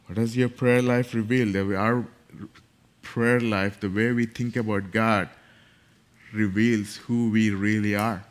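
A man's voice: on the low side, fairly even intonation, measured pace. Man preaching an emphatic sermon. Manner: emphatic, repeats key phrases and builds in force. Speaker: pastor.

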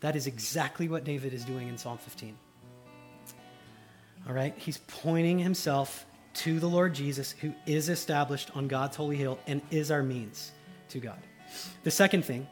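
A man's voice: medium pitch, fairly even intonation, moderate pace, soft background music. A man preaching a sermon to a congregation in a room, repeating rhetorical questions with rising intensity, then leading a closing prayer. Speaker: pastor.

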